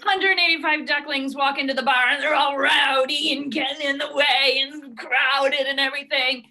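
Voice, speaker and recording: Bright, high-voiced woman improviser. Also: steady tone, moderate pace. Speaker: improv performer. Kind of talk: casual chat and joke telling. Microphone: video call.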